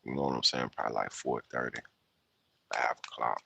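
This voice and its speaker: A man's voice: a bass voice, steady tone, fairly quick, vocal fry, pushed and bright, a little hiss or hum. A man in his fifties with a Memphis accent, chatting loosely on a livestream, rambling, swearing and laughing at himself. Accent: Southern US, Memphis. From United States. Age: 50s. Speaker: livestream host. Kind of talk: casual livestream chat.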